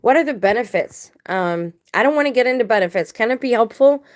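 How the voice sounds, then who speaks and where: A woman's voice: fairly high pitch, animated, brisk. A woman vlogging casual commentary to her viewers, blunt and emphatic, talking straight to the audience. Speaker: video blogger.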